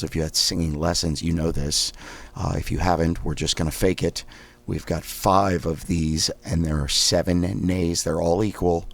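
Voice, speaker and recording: A man hosting a guided voice exercise lesson, calmly counting through repetitions between loud, sharp drill sounds. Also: low-pitched, gravelly, slightly rough, no echo. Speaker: host leading daily voice exercises.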